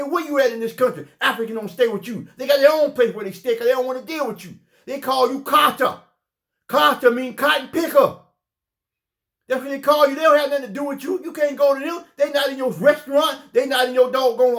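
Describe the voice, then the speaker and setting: A man with a Southern US accent preaching an impassioned sermon, emphatic and repetitive, sometimes breaking into shouts. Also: very high-pitched. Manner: fiery, emphatic, repeats phrases, bursts into shouts.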